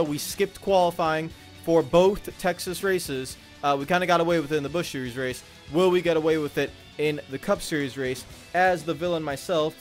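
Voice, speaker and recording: Man, racing game commentary, mock-villain trash talk, somewhat high voice, loud music behind. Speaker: gaming channel host.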